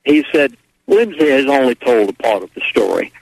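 A man's voice: medium pitch, lively intonation, moderate pace, gravelly, no room sound, poor audio. An older man, a radio guest, telling a story in a rambling way, with restarts and quoted lines. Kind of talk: casual phone-in storytelling.

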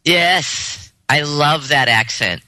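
A man's voice: on the high side, takes it slowly, bright, forceful tone, no room sound. A man hosting a podcast in a casual chat, rambling with lots of restarts and easy laughter. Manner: rambling, many fillers and restarts, laughs easily. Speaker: podcast host.

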